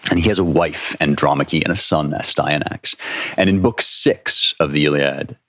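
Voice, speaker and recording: A man's voice: rumbling low, normal speed, a bit bright, dry recording. A man hosting a podcast, explaining in a lecture style with eager energy and a loose, conversational delivery that keeps checking in with "right?". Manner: eager, tag questions like "right?"; loose, restarts phrases. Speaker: podcast host.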